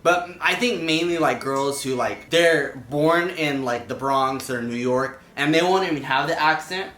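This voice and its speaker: A man's voice: on the high side, unhurried, fairly bright tone. A young man co-hosting a casual couple vlog, laid-back and drawling, full of fillers. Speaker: vlog co-host. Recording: echoey room.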